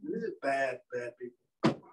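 A man teaching entomology to a training group, telling stories with animated, acted-out quotes. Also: medium pitch, measured pace, distant mic, low-quality recording. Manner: animated storyteller, acts out voices. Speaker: entomologist lecturer. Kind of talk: anecdotal training lecture. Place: indoor training room.

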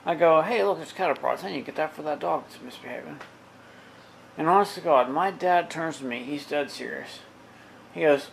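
Gravelly sarcastic man vlogging. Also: fairly high pitch, fairly quick, slight background noise, poor audio. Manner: sarcastic, talks to his dog. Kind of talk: casual rambling vlog.

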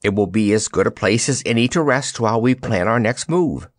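A man's voice: lowish voice, lively intonation, fairly quick, dry recording, studio quality. A man voicing a spirited, plucky young woman in a storybook reading, with a lifted eager delivery.

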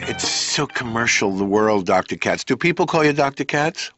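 A man's voice: medium pitch, animated, normal speed. A man delivering a comic monologue in a theatrical way, swinging between mutters and yelps. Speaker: stand-up comedian, therapy patient. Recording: dry, slightly dull TV audio with faint music.

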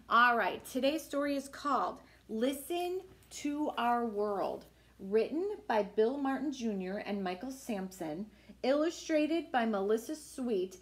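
A woman working as a children's librarian, reading a picture book aloud and making animal sounds for young listeners. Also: fairly high pitch. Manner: encouraging, talks to young listeners.

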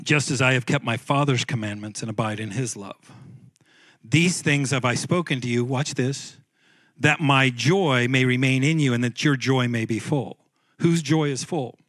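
A man's voice: mid-range voice, a bit bright, no room sound. A male pastor preaching a conversational sermon, often repeating words and restarting phrases. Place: church sanctuary.

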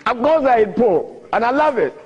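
An older man giving a talk, telling stories with frequent laughter and big swings in pitch. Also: sing-song, fairly quick, slightly rough. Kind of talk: animated storytelling lecture. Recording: muffled lo-fi recording.

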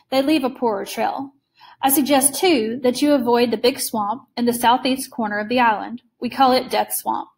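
A woman reading a story aloud voices a suave, menacing older general with polished, amused courtesy. Her voice sits fairly high, stays close to everyday speech, and keeps its smooth poise throughout.

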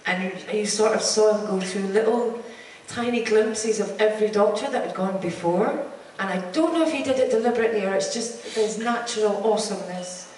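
Lively Scottish-born woman in an echoey hall. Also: medium pitch, brisk, distant mic, slight background noise. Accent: English estuary. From Scotland. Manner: bubbly, laughing anecdotes. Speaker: convention panel guest. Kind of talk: live panel storytelling. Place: convention hall on stage.

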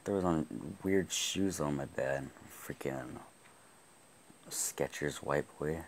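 A young man giving live gameplay commentary, excitable, often laughing and yelling at the game. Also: very deep voice, slow pace, a little hiss or hum. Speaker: gaming YouTuber.

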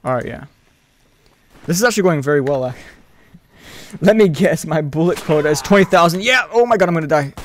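Young guy streaming games, kinda high voice, hyped, cusses a lot, yells in fights. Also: fairly quick, long pauses, slight background noise. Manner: excitable, swears freely, yells during fights. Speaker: game streamer. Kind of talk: casual live-stream chat and gameplay commentary.

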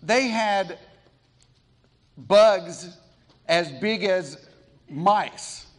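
Middle-aged preacher guy from colorado, fairly high voice, takes it real slow and storytelling in his sermon. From Colorado, USA. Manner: storytelling, slow and deliberate with pauses. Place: church sanctuary.

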